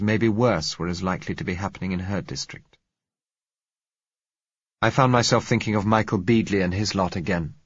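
Deep, husky male audiobook narrator. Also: dry recording, dull audio. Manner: measured, reflective first-person narration. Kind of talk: audiobook reading of a novel.

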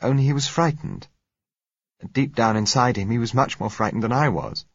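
A man's voice: mid-range voice, moderate pace, breathy edge, dry recording, lo-fi sound, voice pushed up. A male narrator voicing a spirited young woman, shaken but wry, in a lifted, clipped delivery for a storybook reading. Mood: rueful.

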